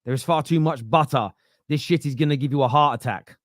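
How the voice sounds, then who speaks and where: A man with a fairly high-pitched voice hosts a fan podcast in a casual live-stream style. He speaks bluntly and with opinion, with "uh" and restarts. The sound is dry and close. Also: a little fast, no echo. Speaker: host of a fan football podcast. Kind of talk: casual live-stream commentary reading viewer comments.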